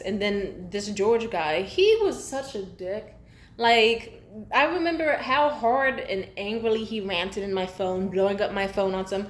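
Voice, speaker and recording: A woman's voice: mid-range voice, normal speed. Young woman venting on her vlog, swears a lot, wanders all over, echoey room w/ a little hiss. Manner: blunt, profane, scattered. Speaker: vlogger. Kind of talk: casual rant to camera.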